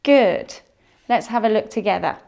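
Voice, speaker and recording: A woman teaching a phonics lesson to young children, sounding out words slowly and encouraging them. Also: mid-range voice, creaky, darkish tone. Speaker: primary school teacher.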